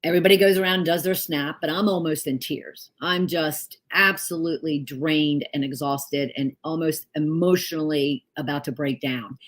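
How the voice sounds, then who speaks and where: Middle-aged woman, low register; candid storyteller, loose and unscripted. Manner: candid, storytelling with frequent fillers and self-corrections. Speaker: leadership coach and author. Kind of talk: casual storytelling monologue.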